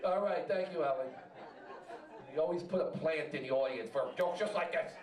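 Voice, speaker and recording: A high-voiced man tells a stand-up story to a live crowd, shouting his punchlines. He sounds distant in a roomy space. Audience laughter surrounds him. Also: normal speed. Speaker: stand-up comedian. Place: club stage with a crowd.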